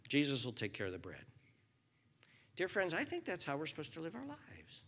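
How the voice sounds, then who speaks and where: A man preaching a sermon with earnest, pleading intensity. His voice sits at an ordinary pitch for a man but leaps around in an animated way, climbing high on his pleas. Then he sinks to a soft, hushed near-whisper. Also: a little fast. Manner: earnest, pleading, swings between loud and soft. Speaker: pastor.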